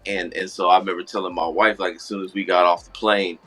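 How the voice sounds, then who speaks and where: Low, bright-voiced LA man rambling. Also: quick pace. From Los Angeles. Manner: relaxed, rambling with many restarts and "I said". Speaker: podcast co-host. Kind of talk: casual storytelling chat.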